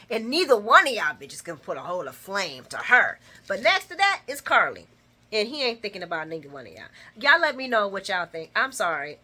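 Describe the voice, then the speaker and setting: A woman talks through a soap opera recap in a casual, animated way, laughing often and breaking into dramatic exclamations. Her voice sits fairly high and sounds bright and sharp. Her pitch swings widely.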